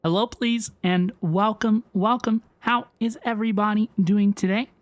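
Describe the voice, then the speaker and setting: A woman VTuber streaming live, bubbly and excitable as she greets her chat by name. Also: medium pitch, moderate pace, no echo.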